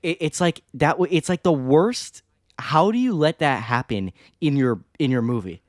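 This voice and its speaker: A man's voice: on the high side, normal speed, no room sound, studio quality. A young man co-hosting a movie review show, chatting casually and animatedly about a film's flaws. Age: young adult. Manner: animated, jokey, talks over others. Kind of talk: casual chat.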